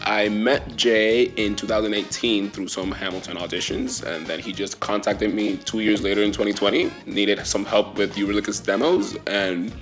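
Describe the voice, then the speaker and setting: A man in a musical's cast, calmly recalling how he joined, in relaxed storytelling. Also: fairly low pitch, moderate pace, hardly any pauses, soft background music. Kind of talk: interview recollection.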